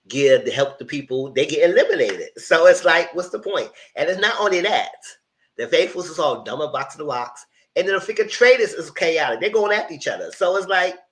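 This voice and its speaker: Guy doing a reality tv recap, chatty and slangy, middle pitch, talks right at his viewers. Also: fairly bright tone, rough recording. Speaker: TV review host. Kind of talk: casual reality TV commentary. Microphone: voice only, no camera.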